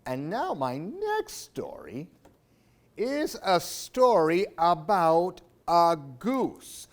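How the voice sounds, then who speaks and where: A man reading picture books aloud for children in an expressive, sing-song way. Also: high-pitched, very slow. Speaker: storyteller for a library program.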